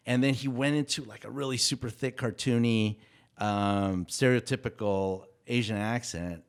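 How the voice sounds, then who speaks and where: A man of Mexican heritage, a guest on a casual podcast interview, telling stories in a halting way with many restarts. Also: medium pitch, steady tone, clean tone. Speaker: guest, cultural consultant for an animated show.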